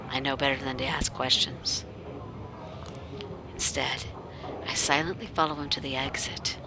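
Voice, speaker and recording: A woman's voice: extremely low pitch, fairly even intonation, measured pace, pauses often, noisy background. A woman narrating her character in the first person during a tabletop game, wry and sardonic, often dropping into a whisper. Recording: clear music behind.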